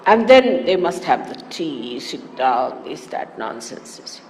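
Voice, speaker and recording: A woman giving a spiritual talk to followers, animated and teasing with amused asides. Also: low voice, unhurried. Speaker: spiritual teacher. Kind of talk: sermon-style spiritual talk. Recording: echoey hall with faint hiss, archive 1989 tape.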